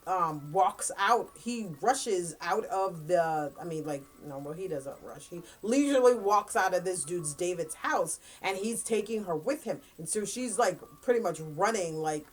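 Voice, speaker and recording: A woman with a lowish voice talks through a book's plot in a loose, rambling review chat, full of "like" and "um" and little quoted asides. Soft music sits faintly in the background. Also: expressive, a little slow, few pauses. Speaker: book reviewer. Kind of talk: casual book review chat.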